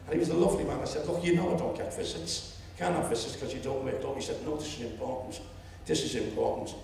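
A man in his seventies with a Liverpool accent, telling a story at a public meeting and rising to loud indignation. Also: mid-range voice, fast, vocal fry, slight background noise. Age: 70s. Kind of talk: impassioned public speech. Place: lecture hall. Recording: echoey hall, distant mic.

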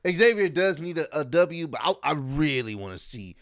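A man's voice: fairly high pitch, sing-song, moderate pace, a bit bright, dry recording, studio quality. A man hosting a reaction video, chatting in an amused, casual way.

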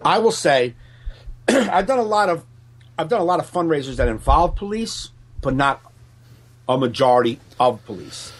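A man's voice: fairly high pitch, normal speed, long pauses, breathy edge. A man, a stand-up comedian, telling a story in casual podcast chat, swearing and acting out other people's voices. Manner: profane, animated, acts out other people's voices.

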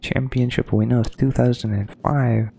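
A man's voice: mid-range voice, steady tone, moderate pace, creaky, mellow, slightly rough. A man giving casual, rambling let's-play commentary, hesitant and full of ums. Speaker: gaming streamer.

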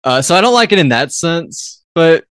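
A man's voice: on the high side, big pitch swings, normal speed, a bit bright, clear, resonant tone, dry recording, studio quality. A man co-hosting a film podcast in casual chat, playful and rambling. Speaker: podcast co-host.

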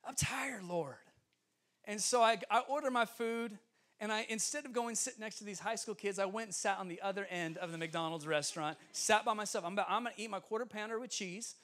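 Bright-voiced, high-pitched preacher man. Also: fast. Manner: animated, acts out dialogue, laughs often. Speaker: guest preacher. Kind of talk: storytelling sermon. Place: church sanctuary.

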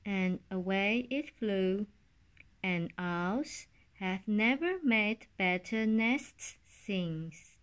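A woman reading a children's story aloud in a calm, unhurried storybook manner. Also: medium pitch.

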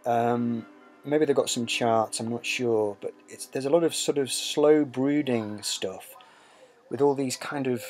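With music playing behind him, a man hosts a casual talk about records, rambling along with lots of ums and uhs. His voice is medium-pitched and somewhat dark, and he speaks unhurriedly.

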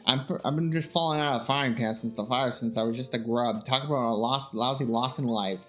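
A man's voice: mid-range voice, a little fast, a bit bright, faint music behind, lightly acted. A man voicing a short-tempered bug with a folksy country drawl and a grumbling way of talking.

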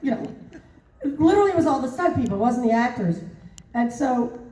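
A woman voice actor telling stories at a convention panel, animated and laughing, with many fillers. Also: high-pitched, brisk. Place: large convention hall. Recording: roomy hall, mic far off.

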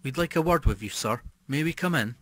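A man's voice: mid-range voice, expressive, a little fast, natural voice. A man doing a stern, formal policeman. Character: formal, stern adult male police officer.

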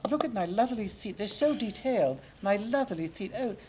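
Man doing a posh British puppet, prissy, vain, higher-pitched voice. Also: animated, a little fast, very noisy. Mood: prim. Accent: put-on British.

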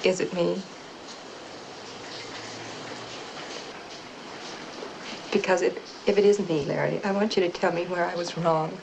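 A woman's voice: on the low side, steady tone, brisk, gravelly, noisy background. An actress playing a hurt, tearful wife who confronts and then pleads with her unfaithful husband, in the style of a 1960 Hollywood film. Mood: pleading.

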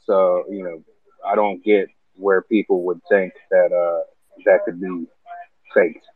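A man with a very deep voice talks in a flat, steady way on an online call. His words are full of fillers. The sound is thin and tinny, like a phone line. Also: takes it slowly, husky, no room sound. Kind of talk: casual chat on an online audio call.

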